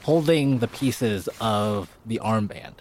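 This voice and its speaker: A man's voice: lowish voice, slow pace, darkish tone, a little hiss or hum. Rambling man describing his character. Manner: rambling, lots of "like". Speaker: player. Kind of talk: casual chat in a tabletop game.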